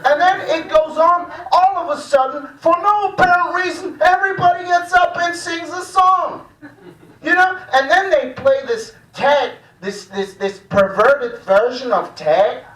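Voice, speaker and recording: A woman performing a live stand-up set in a cafe room, with an unhurried, drawn-out delivery and a wry, mocking tone. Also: high voice. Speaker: stand-up comedian. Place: cafe room used for a comedy night. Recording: echoey cafe room from far off.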